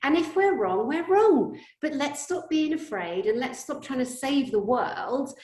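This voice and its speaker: Animated woman hosting, echoey room. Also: high-pitched, unhurried. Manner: animated, acts out scenes in shouted quotes. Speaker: host. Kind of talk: spiritual interview talk. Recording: roomy echo.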